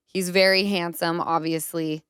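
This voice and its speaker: A woman in her thirties hosting a podcast, chatting casually and telling stories with lively acted-out quotes. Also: fairly low pitch, a little slow, clear, resonant tone, dry recording, studio quality. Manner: animated storytelling with acted quotes. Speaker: podcast host. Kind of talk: casual chat.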